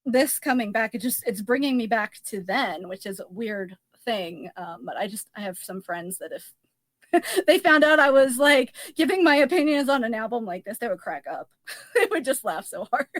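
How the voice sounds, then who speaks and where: A woman's voice: fairly high pitch, lively intonation, moderate pace, no room sound. A woman guest on a music podcast, speaking in casual chat, hesitant and full of ums, often laughing.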